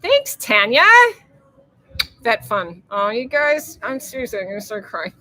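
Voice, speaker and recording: A woman's voice: mid-range voice, animated, measured pace, long pauses, pushed and bright, dry recording, rough recording. A woman hosting a casual live stream, rambling and chatty, laughing often and swearing freely as she reads viewer comments.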